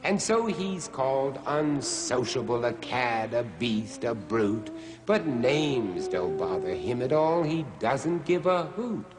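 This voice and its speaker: A man's voice: mid-range voice, lively intonation, slow pace. A man reciting rhyming verse with theatrical, sweeping intonation. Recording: voice over loud music.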